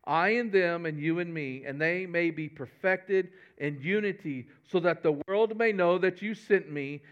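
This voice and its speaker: A man's voice: a little high, unhurried, smooth, dull audio. A man, a pastor giving a folksy, conversational sermon with humor.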